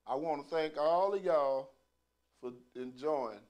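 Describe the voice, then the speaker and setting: Profane storytelling man, fairly high voice. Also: slow, muffled recording. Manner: profane, animated, acts out quoted voices. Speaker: stand-up comedian. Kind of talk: stand-up storytelling.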